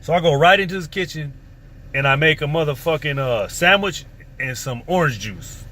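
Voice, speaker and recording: A man's voice: on the high side, expressive, normal speed, bright, forceful tone. Profane streetwise man telling a story. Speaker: vlogger. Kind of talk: casual storytelling. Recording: faint background noise.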